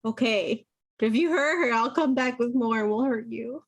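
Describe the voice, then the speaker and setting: A high, frightened little goblin brother, as a woman puts him on. He pleads desperately and makes threats too weak to sound menacing. His voice rises sharply above a normal speaking pitch. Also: moderate pace, no room sound. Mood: shaky threat. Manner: pleading, then tearful and shaky threats. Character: frightened young male goblin, protective brother.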